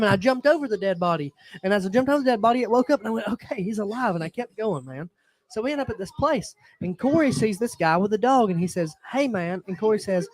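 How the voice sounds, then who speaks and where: Fast, high-voiced young man telling a story. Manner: animated, acts out quotes, teasing. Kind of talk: casual storytelling at a watch party.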